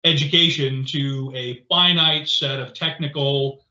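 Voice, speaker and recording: Man, bright tense voice, rambling casual chat, roomy slightly dull sound. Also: medium pitch, a little slow. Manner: rambling, animated, many fillers and restarts. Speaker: podcast co-host.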